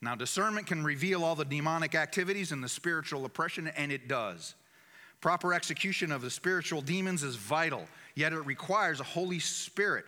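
Emphatic, bright-voiced male preacher. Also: a little high. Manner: emphatic, repeats key phrases. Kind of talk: sermon. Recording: echoey hall.

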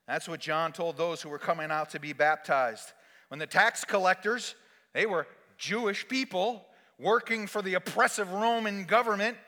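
A man preaching a sermon as pastor, swinging between loud exhortation and quiet, intimate asides. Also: high-pitched, expressive, measured pace, long reverb tail.

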